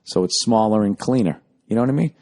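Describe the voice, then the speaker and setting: A man's voice: on the low side, quick pace, mellow. Profane rambling storyteller man. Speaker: podcast host. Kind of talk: casual comic monologue.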